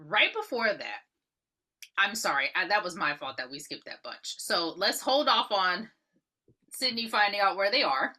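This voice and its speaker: Woman podcast co-host, bright and punchy, loose profane storyteller. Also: mid-range voice, moderate pace. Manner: profane, animated storytelling, acting out characters' lines. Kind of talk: casual movie recap chat.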